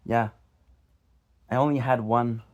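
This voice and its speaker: A man's voice: medium pitch, fairly even intonation, takes it slowly, lo-fi sound. A young man vlogging to his viewers about a lost recording, frustrated, swearing, repeating himself and apologizing. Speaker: gaming vlogger. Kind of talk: casual vlog talk to viewers.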